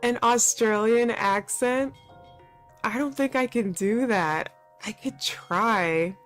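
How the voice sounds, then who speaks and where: A woman's voice: on the high side, takes it slowly. A woman streamer chatting casually while playing, often laughing and poking fun at herself. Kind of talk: casual let's-play commentary. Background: faint background music.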